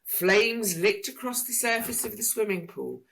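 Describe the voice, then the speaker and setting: A woman reading a children's picture book aloud in an expressive, sing-song manner. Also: medium pitch, measured pace, creaky, slight background noise. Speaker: storyteller.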